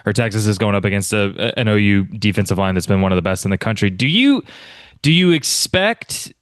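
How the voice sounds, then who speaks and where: A man's voice: on the low side, lively intonation, fairly quick, no echo. A man hosting a casual sports podcast, asking long, rambling questions. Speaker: podcast host.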